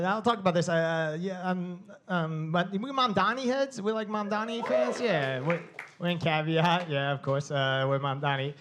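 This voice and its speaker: Man, Long Island accent, brash stand-up, cussing, high-pitched. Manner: brash, swears often, animated. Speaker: stand-up comedian. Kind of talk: stand-up set.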